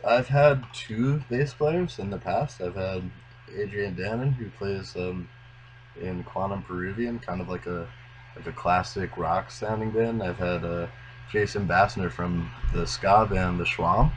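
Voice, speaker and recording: A young male musician speaks with a very deep, low voice in a casual interview. He talks earnestly and without hurry, his sentences often trailing off quietly. A faint hiss runs under the recording. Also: measured pace, low-quality recording. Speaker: musician guest.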